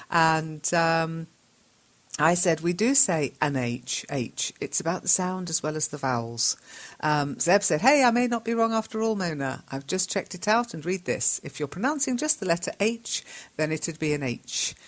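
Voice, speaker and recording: A woman hosting a lesson, reading out learners' posts, patiently correcting them and laughing often. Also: deep voice. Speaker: English teacher and host.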